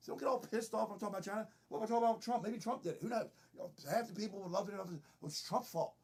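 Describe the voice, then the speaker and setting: A man's voice: high voice, very fast, a little mellow, slightly rough. A middle-aged man doing an improvised comedy monologue, boastful and rambling.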